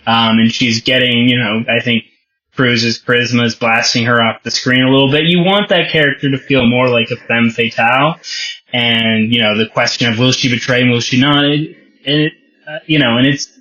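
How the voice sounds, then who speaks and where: Podcast co-host, male, bright forceful voice, dull lo-fi sound; rambling, wry film-review chatter. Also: medium pitch, fairly even intonation, moderate pace. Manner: rambling, self-correcting, wry. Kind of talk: casual film review chat.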